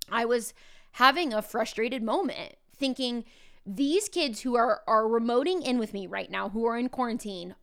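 A woman's voice: a little high, clear, resonant tone. A woman hosting a podcast for teachers, talking casually and speaking straight to her listeners. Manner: chatty, conversational, speaks directly to listeners. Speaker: podcast host.

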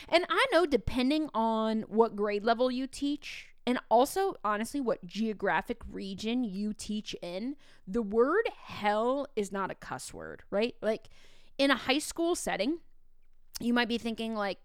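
Woman in her thirties, teacher-host, casual storytelling, smooth clear voice, dry close sound. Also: fairly high pitch, a little slow, no room sound. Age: 30s. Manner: animated, acts out quoted dialogue, many fillers.

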